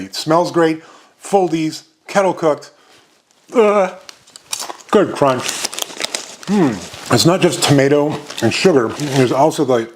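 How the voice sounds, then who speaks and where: A man's voice: medium pitch, a little hiss or hum. A man in his fifties from the United States hosting a casual chip review vlog in an upbeat, chatty way. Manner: upbeat, chatty, lots of happy exclamations. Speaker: snack review host.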